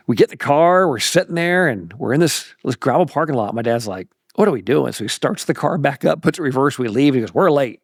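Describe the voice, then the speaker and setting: A middle-aged pastor telling a personal story in a folksy, animated way on a podcast. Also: male voice, medium pitch, dry recording, clean studio sound. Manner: animated, folksy, laughs through anecdotes. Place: podcast studio.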